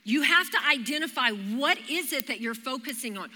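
A church speaker with a high, bright woman's voice preaches a sermon at normal speed during a live service in a church hall. She tells her story in an animated way, full of vivid exclamations. The live hall makes the recording reverberant.

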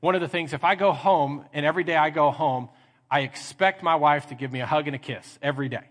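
A middle-aged pastor with a fairly high voice, preaching animatedly and slipping into mock voices to act out everyday scenes. His sermon rings out through a reverberant church hall. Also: quick pace, fairly bright tone. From Texas.

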